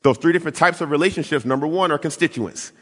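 Animated preacher man in a reverberant hall. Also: quick pace. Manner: animated, acts out quoted voices with big pitch swings. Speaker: pastor. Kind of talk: sermon with storytelling.

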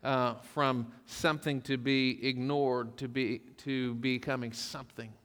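A man's voice: mid-range voice, little pitch movement, a little slow, a bit bright, in a large hall. A pastor preaching a sermon, folksy, mixing humor and stories into his preaching.

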